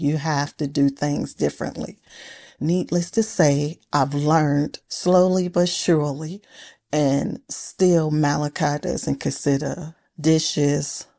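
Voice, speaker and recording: A mother tells a family story slowly and plainly. Her voice is very low, mellow, and gravelly. She gives each part of the story room. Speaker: listener sending a voice memo. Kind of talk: recorded personal story.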